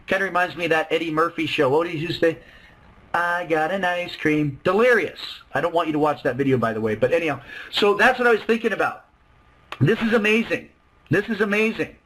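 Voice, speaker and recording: A man presenting a network marketing plan to a webinar audience, excited and emphatic, often acting out both sides of a conversation. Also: fairly high pitch, fast, husky, low-quality recording. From Canada. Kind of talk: animated sales pitch to a webinar.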